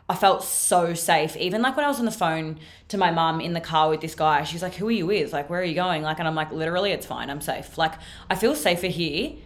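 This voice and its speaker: A young Australian woman hosting a podcast, telling a story in a chatty, sweary way full of "like". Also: fairly low pitch. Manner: chatty, sweary, filler-heavy with frequent "like". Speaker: podcast host. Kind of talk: casual storytelling monologue.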